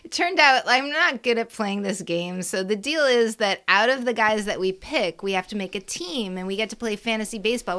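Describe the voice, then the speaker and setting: A woman co-hosting a casual sports podcast, telling stories in a chatty, animated way. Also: medium pitch. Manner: chatty, animated storytelling with frequent "like" and laughs. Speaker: podcast co-host.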